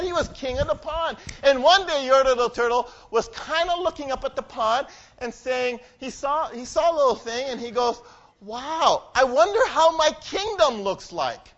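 A man leading a children's message in church, running a game and telling a story, animated and quizzing the kids. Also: very high-pitched. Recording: dull lo-fi recording.

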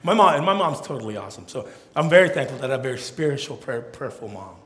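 A man preaching a sermon in a church, swinging from loud emphatic peaks down to low, soft lines. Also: big pitch swings, quick pace. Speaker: pastor. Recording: echoey church hall.

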